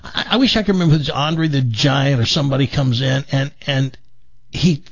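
A man's voice: medium pitch, fairly quick, no echo. A man hosting a casual radio chat, leading the segment in a conversational way. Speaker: radio host. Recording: dry, dull lo-fi studio sound.

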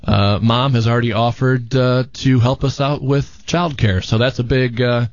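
A man's voice: medium pitch, steady tone, moderate pace, no echo. A young man with a mid-range voice talks easily on a radio show, agreeable and a bit hesitant. The audio is dry and slightly muffled. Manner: agreeable, easygoing, hesitant with fillers. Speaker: tech expert guest. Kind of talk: casual radio chat.

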